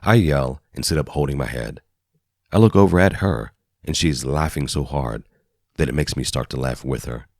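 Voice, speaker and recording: Very deep-voiced male audiobook narrator. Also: normal speed, a little mellow, no echo. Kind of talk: first-person audiobook narration. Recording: dry studio voice-over.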